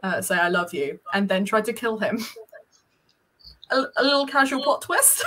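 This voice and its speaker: A woman hosting a casual chat over a video call, chatty and animated, laughing often. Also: mid-range voice, normal speed. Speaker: podcast host.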